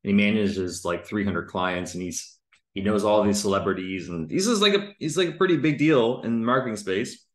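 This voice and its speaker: A man's voice: fairly low pitch, lively intonation, fairly quick, reverberant. A man reviewing a recorded sales call in casual commentary, loose and chatty, full of filler words and the odd swear.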